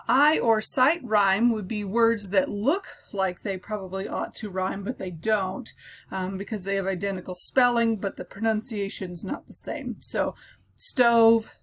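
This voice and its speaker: A woman's voice: medium pitch, fairly bright tone. Woman giving a recorded poetry lecture. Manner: explanatory, with frequent ums and uhs. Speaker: teacher.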